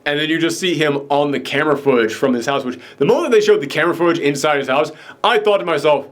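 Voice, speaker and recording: Excited young guy gushing about a film. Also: on the high side, fast talker. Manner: animated, excited, acts out characters' lines. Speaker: podcast co-host reviewing a film. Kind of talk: casual chat.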